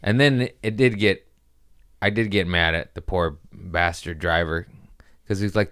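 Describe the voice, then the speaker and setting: Young male comedian host, lowish voice, loose crude storytelling, laughs at own bits. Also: normal speed, fairly bright tone, clean tone. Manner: rambling, crude, laughs at his own jokes. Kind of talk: casual comedic monologue.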